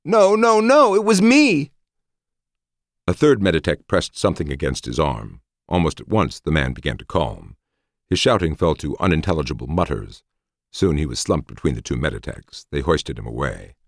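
A man narrating a science fiction audiobook in a measured, expressive reading. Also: a bass voice, gravelly, no echo, studio quality.

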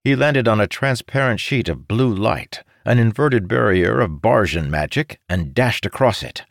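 A man narrating a fantasy audiobook in a steady, measured reading. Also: fairly low pitch, gravelly, no echo, studio quality.

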